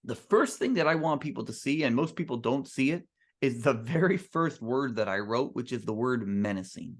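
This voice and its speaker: A man's voice: mid-range voice, animated, moderate pace. A man who is a composer, giving an earnest, emphatic talk to musicians at a band clinic and restarting his sentences often.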